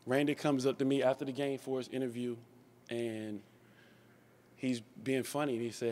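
A man's voice: medium pitch, level tone, moderate pace, a little mellow, a little hiss or hum. A man in his forties, a former player, tells anecdotes in a memorial speech, often restarting and repeating words. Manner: storytelling, repeats and restarts words, laughs along.

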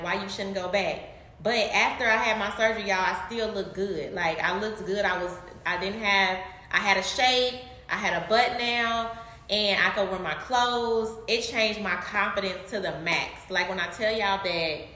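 A woman in her late twenties talks straight to her viewers from home in a loose, chatty way, laughing often and acting out her old reactions. Her voice sits at a middle pitch. The room around her rings with noticeable echo. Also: pushed and bright. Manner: chatty, addresses viewers as y'all. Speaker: vlogger. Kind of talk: casual chat to camera. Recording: echoey room.

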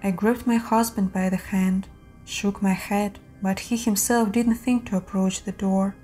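Mellow woman narrating horror stories. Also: medium pitch, fairly even intonation, measured pace, faint music behind. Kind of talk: scripted horror story narration.

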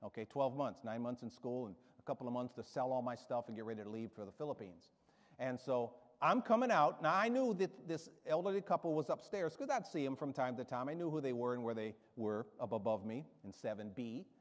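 A man's voice: mid-range voice, lively intonation, a little fast. A man in his seventies preaching a sermon as a guest preacher, rousing and emphatic, with storytelling asides. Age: 70s. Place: church sanctuary. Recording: reverberant church hall.

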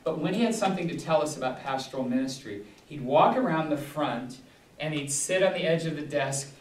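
Pastor teaching a Bible study, male, slightly high voice, digressive delivery, recorded far off in a roomy hall. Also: fairly quick. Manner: rambling, digressive, many restarts and fillers. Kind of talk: casual teaching talk. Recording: echoey room, distant mic.

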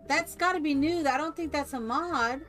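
A woman's voice: high-pitched, moderate pace, fairly bright tone, soft background music. An older woman streaming a game, chatting casually, thinking aloud and cooing at her family. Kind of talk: casual gameplay chat.

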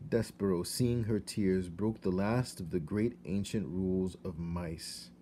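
Male teacher reading aloud, low, expressive, slight hiss behind. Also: takes it slowly. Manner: expressive, shifts to hushed tones. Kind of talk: read-aloud storytelling.

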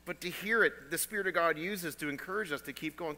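Pastor, male, earnest sermon delivery, bright tone, slightly high voice, church hall echo. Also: fast talker, hardly any pauses. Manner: earnest preaching, repeats phrases, swings between soft and emphatic. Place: church sanctuary.

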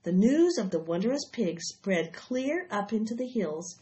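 A woman reading a children's novel aloud in an unhurried way, with small slips, recorded on a dull lo-fi track. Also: medium pitch, big pitch swings, mellow.

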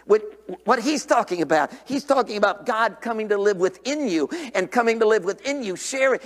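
High-voiced older preacher in a reverberant church. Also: male voice. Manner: animated, swings from shouts to near whispers. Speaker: revival preacher. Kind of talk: sermon. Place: church sanctuary.

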